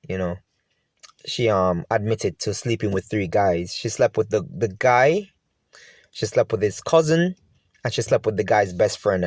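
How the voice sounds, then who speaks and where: A man from Jamaica with a voice on the low side speaks directly to camera, emotionally recounting his painful story and repeating himself. The recording is dry and studio quality.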